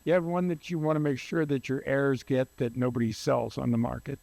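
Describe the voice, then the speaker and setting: A man's voice: mid-range voice, fairly even intonation, a little fast, creaky, a little mellow, dry recording. A male talk show host interviewing a guest, prompting with short, encouraging follow-up questions.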